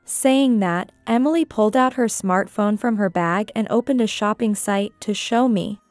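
A woman reading a scripted first-person story in a measured, even way. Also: medium pitch, no room sound, faint music behind. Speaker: narrator.

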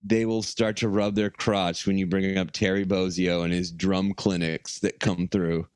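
A man's voice: low voice, little pitch movement, unhurried, darkish tone, clear, resonant tone, dry recording. A man co-hosting a podcast, ranting and swearing in jokey, casual banter. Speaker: podcast co-host.

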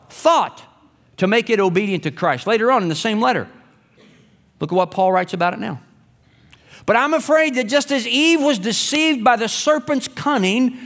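High-voiced pastor preaching with sweeping emphasis. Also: male voice. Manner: emphatic, swinging between raised and hushed delivery. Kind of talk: sermon.

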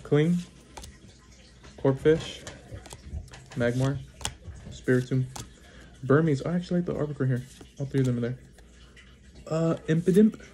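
A man talking casually at home while he opens card packs. He rattles off card names in quick succession and breaks in with short, excited reactions. His voice sits at an ordinary middle pitch for a man. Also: slight background noise. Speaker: card-opening channel host. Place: at home at a small table.

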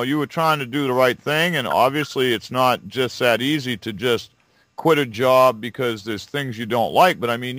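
A man hosting an interview, sympathetic and halting, with many fillers. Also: medium pitch, fairly bright tone, no room sound. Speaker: host.

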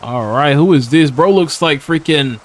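A young man with a fairly high-pitched voice casually comments at a moderate pace as he plays a horror game for his YouTube audience. His let's-play talk is slangy and full of laughter, and he responds directly to the characters.

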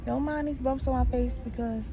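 A woman's voice: high-pitched, fairly even intonation, a little fast, music in the background. A young woman in her late teens, chatting and rambling casually into her phone from a car on a road trip. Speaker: vlogger. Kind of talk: casual vlog chat. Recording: noisy car and gas station sound.

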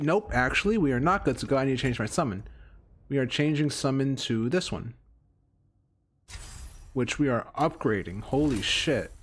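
A man streaming a video game, rambling through casual commentary, swearing and getting excited. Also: mid-range voice, husky.

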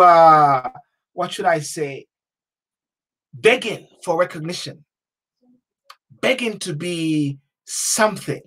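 A man hosting a talk show, giving a passionate motivational monologue in a preachy way, repeating slogans like chants and swinging from hushed to loud. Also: on the high side, expressive, takes it slowly, long pauses.

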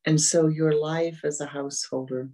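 A spiritual teacher giving a meditative dharma talk, gentle and repetitive, often fading to soft murmurs. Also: medium pitch, fairly even intonation, normal speed, rough recording.

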